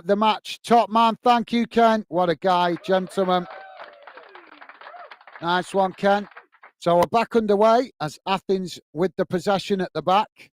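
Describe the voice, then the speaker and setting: An English man hosts a football watch-along stream, chatting casually and thanking viewers by name as he reads their comments. His voice sits a little high for a man, smooth and clear. The close mic gives a dry, intimate sound. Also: dry recording. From England. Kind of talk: casual live-stream chat.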